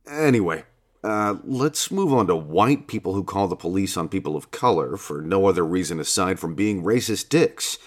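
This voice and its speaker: A man voicing a laid-back, foul-mouthed male God who talks like a casual bro, coaxing and swearing freely. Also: low-pitched. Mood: joking. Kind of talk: audiobook character reading.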